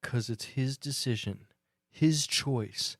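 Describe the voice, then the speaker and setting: A man's voice: medium pitch, slow pace, no room sound, studio quality. A man co-hosting a podcast in casual chat, wry and swearing, who explains things at length. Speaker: podcast co-host.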